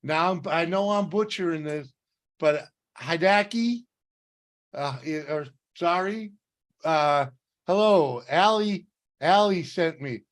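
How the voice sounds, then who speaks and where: A man hosting a casual livestream, relaxed and greeting his viewers by name. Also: a little high, measured pace. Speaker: livestream host.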